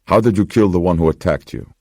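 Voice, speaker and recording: A man voicing a somber old pawnbroker who speaks in a slow, grave, measured way. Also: low voice, dark tone, no echo, studio quality. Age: older.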